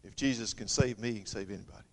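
A man preaching a sermon, reading scripture loudly and dropping to a soft, intimate voice for a story. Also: lowish voice, rapid-fire.

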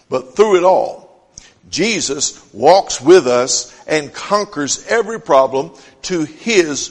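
A pastor preaching a sermon who reads scripture aloud and drives home each point with short repeated phrases. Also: male voice, fairly high pitch. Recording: long hall reverb.

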